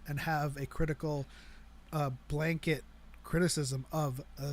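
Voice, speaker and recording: A man's voice: a little high, little pitch movement, unhurried, faint music behind. A man co-hosting a fan podcast in casual chat, arguing his points at length and laughing often. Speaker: podcast co-host.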